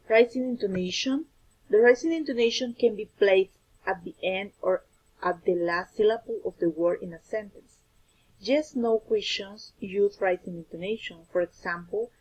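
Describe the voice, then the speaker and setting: Breathy woman reading a lesson. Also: medium pitch, poor audio. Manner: careful, slightly halting delivery with self-corrections. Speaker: student presenter.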